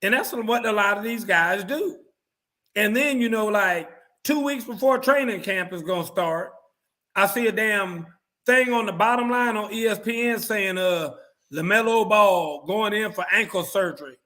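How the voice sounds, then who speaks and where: A man with a high, bright voice rants bluntly through casual sports talk. He curses freely, and he slips into mocking voices for the people he quotes. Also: moderate pace. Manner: blunt, profane, ranting; mimics others in quoted asides. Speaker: show host.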